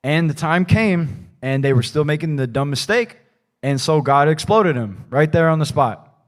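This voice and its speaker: Casual higher-pitched male preacher. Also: expressive, moderate pace. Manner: casual, rambling, peppered with "like" and "right?". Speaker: pastor. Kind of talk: conversational sermon. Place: church.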